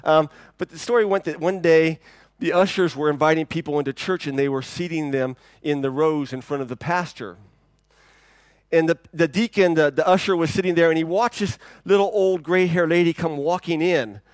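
A man preaching a sermon in a relaxed, conversational way, often repeating words as he starts sentences. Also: on the high side, moderate pace, no echo. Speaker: pastor. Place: church.

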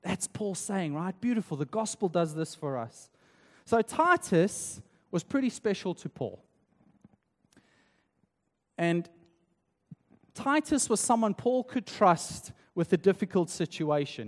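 A man from South Africa preaches in a relaxed, chatty way, often checking in with the room. His voice sits high for a man. It rings with the long reverb of a large church hall. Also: measured pace. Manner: conversational, tag questions like "right?". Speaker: pastor. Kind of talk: sermon.

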